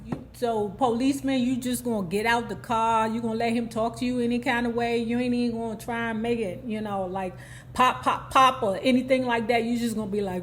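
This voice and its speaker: A woman host giving a casual TV episode recap, animated and sassy, with lots of "okay?" asides, who acts out the characters' lines. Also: a little high, a little fast, slight background noise.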